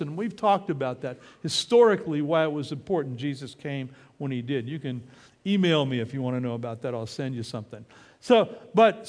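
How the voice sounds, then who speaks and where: A man preaching a sermon as pastor, animated and emphatic, with joking asides and repeated lines. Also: high voice, long reverb tail. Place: church.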